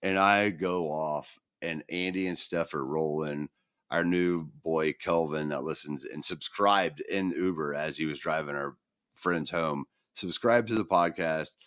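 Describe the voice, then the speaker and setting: A middle-aged man with a bass voice co-hosts a podcast, chatting casually at a measured pace. He tells his stories with animation, acting out the voices of the people in them. The studio-quality recording has no room sound.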